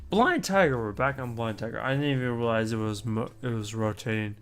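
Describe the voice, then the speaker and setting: A man's voice: mid-range voice, a little fast, soft background music. A man streaming a casual chat, talking in a rambling, chatty way with asides and mild swearing.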